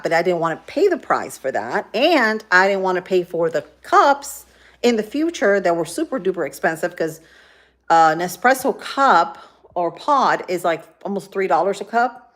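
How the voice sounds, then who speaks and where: A woman's voice: lowish voice, sing-song, moderate pace, fairly bright tone. A woman in her fifties from Spain, chatting casually on a livestream while she cooks in her home kitchen, rambling with many fillers. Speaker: livestream host.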